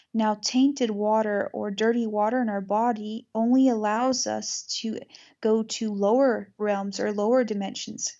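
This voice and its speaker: A woman's voice: medium pitch, creaky, warm tone, highs cut off. A woman hosting an interview, talking earnestly in long flowing runs in a casual spiritual conversation. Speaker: podcast host.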